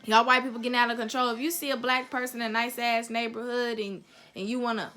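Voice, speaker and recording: A young woman talks straight to her audience in a heated, unfiltered rant. Her voice sits slightly high and sounds bright and forceful, and she lands every point bluntly with plenty of profanity. Soft music plays faintly behind her. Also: level tone, fast talker. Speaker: vlogger. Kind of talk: heated opinion rant to camera.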